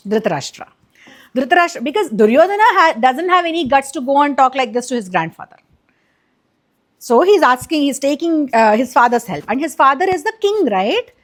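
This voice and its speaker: A woman's voice: high-pitched, very animated, brisk. Chatty woman retelling a story. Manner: chatty, many fillers and restarts, explanatory. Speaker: storyteller, channel host. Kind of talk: casual retelling of an epic for kids.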